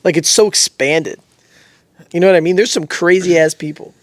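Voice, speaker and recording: Animated young man telling stories. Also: fairly high pitch, moderate pace, no echo. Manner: animated storytelling, laughs often. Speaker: podcast co-host. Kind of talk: casual chat.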